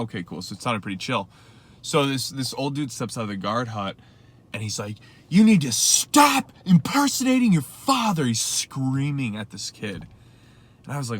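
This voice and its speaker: A man's voice: mid-range voice, sharp tone. A young man, a rideshare driver, telling a rambling story casually to his viewers, full of fillers and quoted asides.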